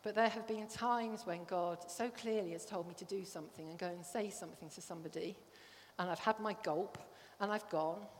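A woman's voice: medium pitch, a little hiss or hum. Middle-aged woman, sermon delivery, earnest and personal, recorded in a reverberant church hall. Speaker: church speaker.

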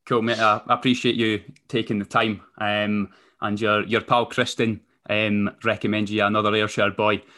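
A man hosting a podcast, relaxed and friendly, pausing often with ums. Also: lowish voice. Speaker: podcast host. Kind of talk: casual podcast interview.

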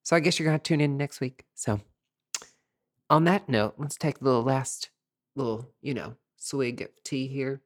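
Brief: man, podcast host, campy swearing storyteller, mid-pitched voice. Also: normal speed. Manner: campy, chatty, profane, calls listeners sweetie. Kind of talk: casual storytelling monologue.

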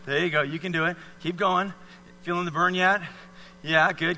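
A man coaching volunteers through exercises in front of a crowd, pushing them on with short, repeated cues. His voice sits a bit high and very bright. The sound carries a hall's long reverb with a faint hum underneath. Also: fairly even intonation, moderate pace, creaky. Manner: encouraging, coaxing, repetitive cues. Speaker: speaker leading a fitness demonstration. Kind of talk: live talk to an audience with volunteers.

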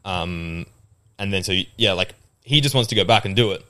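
Young man, casual podcast chat, fairly low voice, rambling, filler-heavy. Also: normal speed, pushed and bright. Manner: rambling, many fillers and restarts.

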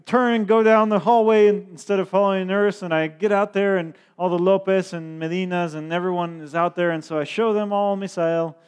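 A man's voice: high-pitched, steady tone, smooth. A man interpreting a sermon into English, often laughing and restarting his sentences. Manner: frequent laughter, halting restarts.

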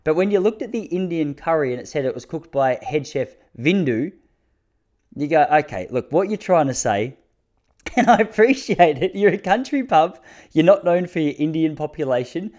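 A man's voice: fairly high pitch, lively intonation, moderate pace, a little mellow. A man in his thirties with an Australian accent, telling comic stories in a casual, crude, self-mocking way and laughing at his own jokes. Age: 30s. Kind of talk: casual comic storytelling monologue.

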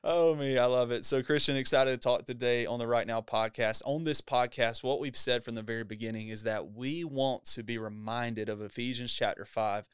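A man's voice: medium pitch, steady tone, normal speed, hardly any pauses, clean tone, no room sound, studio quality. Upbeat man hosting a church podcast. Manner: upbeat, laughs often. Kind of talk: casual interview.

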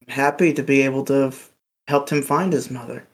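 A man's voice: medium pitch, fairly even intonation, fairly quick. Guy playing a tabletop rpg, earnest, talks in character. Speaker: player.

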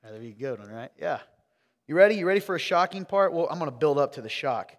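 A man from the South, preaching a sermon and quizzing his congregation, swinging between loud emphasis and hushed asides. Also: a little high, fast talker, long reverb tail. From American South. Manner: energetic, questioning the crowd, wide swings from loud to hushed. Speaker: pastor. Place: church sanctuary.

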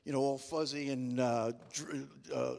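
A man's voice: mid-range voice, fairly even intonation, unhurried, vocal fry, darkish tone. A middle-aged man preaching a casual sermon, telling folksy, humorous stories in a rambling, stop-start way full of restarts. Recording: long reverb of a large hall.

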